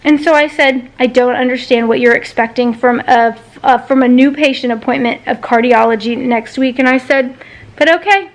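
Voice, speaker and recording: High-voiced exasperated woman venting. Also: steady tone, moderate pace, hardly any pauses. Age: 30s. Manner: frustrated, exasperated retelling, swearing. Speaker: vlogger. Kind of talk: ranting personal vlog.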